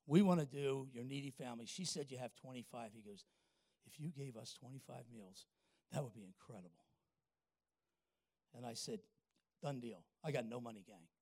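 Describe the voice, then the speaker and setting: An older man, a pastor telling a folksy story in a sermon and asking the congregation quick questions. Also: medium pitch, dark tone, no room sound.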